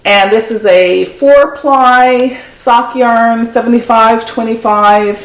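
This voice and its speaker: A woman's voice: on the high side, fairly even intonation, slow pace. An older woman in her seventies hosting a knitting video, chatting casually and rambling as she shows her projects. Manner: chatty, rambling, easily sidetracked. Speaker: knitting podcast host. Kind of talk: casual show-and-tell chat. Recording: echoey room.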